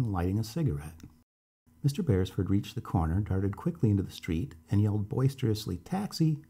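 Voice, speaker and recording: Low, gravelly male storyteller. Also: dark tone. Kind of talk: scripted narration of a short story.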